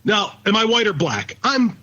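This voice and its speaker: High, husky man ranting bluntly. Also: sing-song, moderate pace, bright, forceful tone. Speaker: podcast co-host. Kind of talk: casual podcast chat. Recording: dull lo-fi recording.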